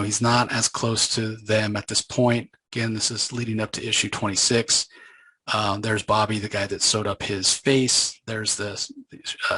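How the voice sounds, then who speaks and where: A man's voice: lowish voice, sharp tone, slightly rough, poor audio. A man hosting a comic book channel, retelling a comic in a casual, rambling, informal way. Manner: rambling and informal, many fillers and restarts.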